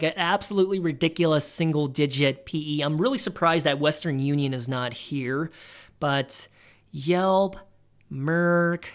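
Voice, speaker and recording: A man in his thirties hosting a casual stock-analysis tutorial, chatty and animated, dropping jokey asides as he walks through the numbers. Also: fairly high pitch. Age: 30s. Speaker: investing channel host.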